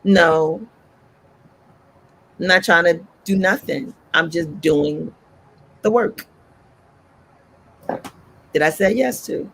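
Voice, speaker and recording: A woman with a gravelly, slightly husky voice hosts a talk show like she is preaching. She is animated and her voice leaps upward whenever she exhorts the listener. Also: drawn-out words, pauses often. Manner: animated, preachy, swoops up high when exhorting.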